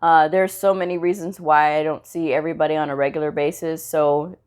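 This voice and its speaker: A woman's voice: low voice, flat delivery, fairly quick, a little mellow, clear, resonant tone. A woman who teaches medical coding, chatting casually in a vlog and telling a story about her workday, laughing often and acting out the dialogue. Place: at home after work.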